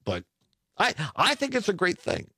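Lively middle-aged male radio host. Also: sits high, moderate pace, no echo, studio quality. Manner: animated, chuckling, self-correcting. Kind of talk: casual talk radio chat. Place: radio studio. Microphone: studio mic.

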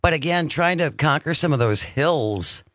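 Radio host guy, kinda high voice, joking around dry, close mic no room sound. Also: expressive, normal speed, a bit bright, dry recording. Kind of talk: casual radio chat. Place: radio studio.

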